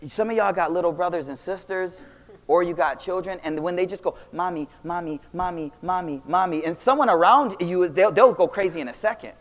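A young man giving a casual, animated Islamic talk full of slang, swinging between loud and quiet. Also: high-pitched, brisk. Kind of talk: casual storytelling lecture. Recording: long reverb of a hall.

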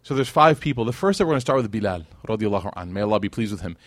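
A man's voice: on the low side, expressive, racing, no echo. A man teaching an evening religious class in a casual, conversational way, often checking in with "right?" and acting out the people in his stories.

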